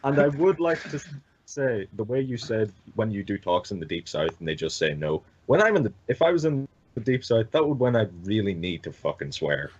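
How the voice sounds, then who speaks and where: Husky man in a mock-outraged, cursing rant. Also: fairly low pitch, big pitch swings, brisk. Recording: dull lo-fi recording.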